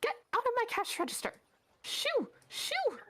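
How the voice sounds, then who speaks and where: A woman voicing a fussy, shrill woman who scolds strangers away from her chickens. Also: wildly swooping pitch, unhurried, pushed and bright, exaggerated voice. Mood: shooing.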